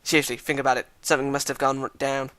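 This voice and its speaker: A man's voice: medium pitch, flat delivery, quick pace, bright, forceful tone, close to an everyday voice. A Welsh man voicing a paranoid, conspiracy-minded schoolboy who rambles and trips over his words. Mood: conspiratorial.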